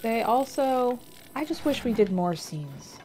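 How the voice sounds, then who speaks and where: A woman livestreamer chatting casually while she plays, rambling along with lots of fillers and quick asides. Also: on the high side, very animated, warm tone, slight background noise. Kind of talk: casual chat while gaming.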